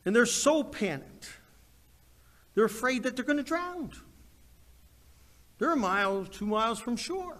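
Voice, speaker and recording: High-voiced preaching man in an echoing hall. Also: measured pace, long pauses. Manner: animated preaching, swings from loud to hushed. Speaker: pastor. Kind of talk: sermon.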